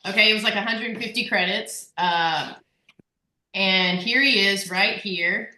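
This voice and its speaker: A woman's voice: mid-range voice, unhurried, pushed and bright, roomy sound. A woman hosting a casual group video call, chatty and upbeat, laughing often. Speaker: workshop host.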